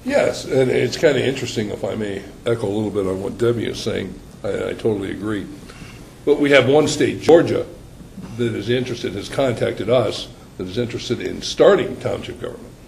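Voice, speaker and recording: A man's voice: on the low side, brisk, gravelly, a little mellow, echoey room, a little hiss or hum, poor audio. A man speaking earnestly on a panel as a former township trustee, often repeating words as he restarts. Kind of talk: panel discussion.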